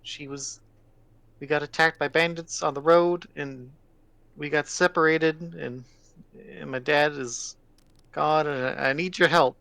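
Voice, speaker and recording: A man's voice: fairly high pitch, steady tone, measured pace, gravelly, sharp tone, no echo, voice pushed up, exaggerated voice. A man voicing a young boy who is searching for his missing mother, pleading and stammering.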